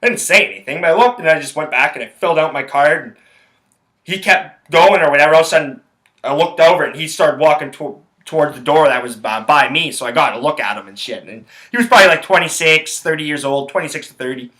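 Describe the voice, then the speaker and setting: A young man rants into his solo podcast, blunt and rambling, with swearing in nearly every sentence. His voice sits a little high and comes across bright and forceful. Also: quick pace. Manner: profane, blunt, rambling storyteller. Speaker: podcast host.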